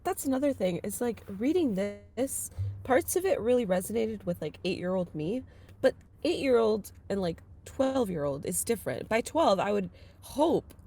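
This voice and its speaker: A young woman co-hosting a casual book chat podcast, animated and quick to laugh, often quoting the characters. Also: mid-range voice. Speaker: podcast co-host.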